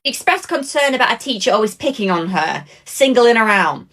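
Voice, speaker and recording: A woman voicing a brisk, officious female school inspector. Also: on the high side, lively intonation, a bit bright.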